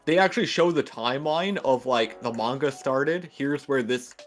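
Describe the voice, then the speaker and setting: A man in a casual chat, speaking at an even pitch and rambling easily through his thoughts with frequent filler words. Soft music plays in the background. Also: moderate pace. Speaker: guest co-host.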